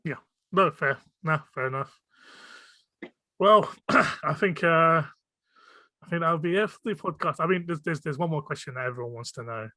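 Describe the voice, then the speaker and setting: A British man hosts a casual podcast with a somewhat high, crisp and bright voice. He talks fast, laughs easily and repeats words when he gets going. The sound is dry and close, with no room echo. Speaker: podcast host. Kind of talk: casual chat.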